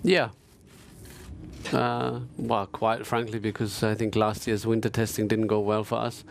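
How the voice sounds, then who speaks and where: A racing driver answering press conference questions, hesitant and full of fillers. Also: male voice, fairly low pitch, flat delivery, unhurried, vocal fry, a little hiss or hum.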